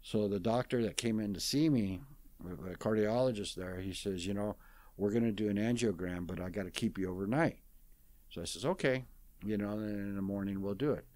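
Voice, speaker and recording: A man's voice: fairly low pitch, fairly quick, a little mellow, no echo. A man in his sixties, a guest in an interview, retelling a story casually and plain-spoken, acting out the quoted dialogue. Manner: plain-spoken, folksy retelling full of "I says"; acts out others' lines in quoted dialogue.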